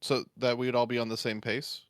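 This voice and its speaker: A man's voice: medium pitch, level tone, brisk, no room sound, clean studio sound. A man chatting casually with friends, rambling and hedging with fillers. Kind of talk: casual chat on a group call.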